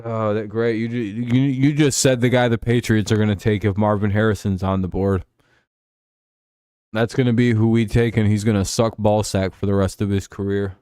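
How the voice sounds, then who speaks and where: A man's voice: fairly low pitch, fairly even intonation, moderate pace, a little mellow, clear, resonant tone, dry recording, studio quality. A man hosting a casual football talk show, ranting and sarcastic with plenty of swearing. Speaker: host.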